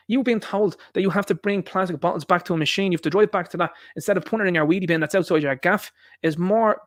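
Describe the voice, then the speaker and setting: Irish male stream host, rapid indignant rant, slightly high voice, dry close sound. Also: no echo. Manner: indignant ranting with rhetorical questions. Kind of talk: opinionated political monologue.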